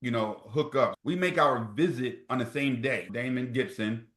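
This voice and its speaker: A man's voice: mid-range voice, normal speed. A middle-aged man from New Jersey, a former college football player telling stories as an interview guest and acting out quoted dialogue. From New Jersey, USA. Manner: animated storyteller who acts out quoted dialogue. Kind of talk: storytelling in an interview. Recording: roomy echo.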